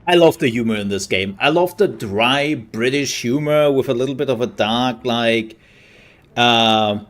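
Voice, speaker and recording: A man giving relaxed, chatty commentary as he streams a game and thanks his viewers. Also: mid-range voice, unhurried. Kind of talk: casual gameplay commentary.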